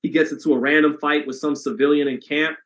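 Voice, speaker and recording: A man's voice: fairly high pitch, fairly even intonation, fast talker, a bit bright. A man hosting a boxing live stream, chatting casually with viewers and reading their comments aloud, with some swearing.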